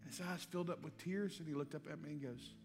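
Male pastor, lively storyteller, slightly high voice, live hall reverb. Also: fast talker. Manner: animated storyteller acting out dialogue. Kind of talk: sermon storytelling. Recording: live hall with long reverb and faint music.

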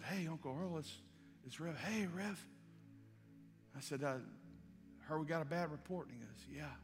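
A male pastor, telling a story in a sermon and acting out the dialogue. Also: on the high side. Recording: live hall with long reverb and faint music.

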